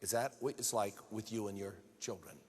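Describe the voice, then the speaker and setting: A man's voice: on the low side, a little fast, a little mellow, slightly rough. Earnest man preaching in a reverberant hall. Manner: earnest, rising to emphatic peaks. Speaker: pastor. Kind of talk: sermon.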